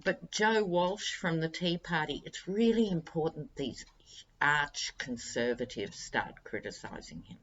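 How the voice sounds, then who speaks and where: A woman's voice: low-pitched, expressive, measured pace, fairly bright tone, breathy edge, muffled recording. A woman, chatting wryly and directly to her viewers as a tarot-reading vlog host. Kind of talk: casual monologue to viewers.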